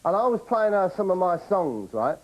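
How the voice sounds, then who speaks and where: A man's voice: high voice, big pitch swings, normal speed, rough recording. A man hosting a comedy show, delivering a rambling, boastful monologue to camera and often tagging on "right?".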